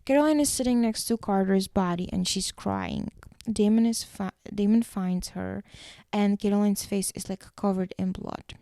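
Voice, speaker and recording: Woman doing a podcast recap, acts out the lines, creaky kinda gravelly voice, dry close sound. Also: medium pitch, warm tone, no room sound. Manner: retells scenes and acts out the characters' lines in quick shifting voices. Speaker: podcast host recapping a TV episode. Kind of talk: casual episode recap.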